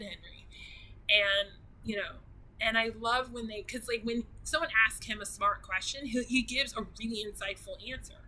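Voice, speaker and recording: A woman's voice: mid-range voice, pushed and bright, rough recording. A woman vlogger chatting casually and gushingly, rambling with many restarts. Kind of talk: casual chat.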